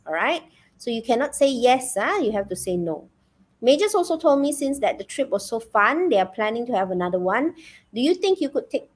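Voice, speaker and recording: Lively Malaysian English teacher woman. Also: a little high. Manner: lively, checks in with "okay?" and "yeah?". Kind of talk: live webinar lesson.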